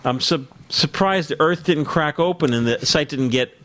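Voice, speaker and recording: A man's voice: fairly high pitch, normal speed. A man hosting a podcast, chatting casually and telling stories with a lot of laughter. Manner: excitable storyteller, laughs often. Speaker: podcast host. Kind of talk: casual chat.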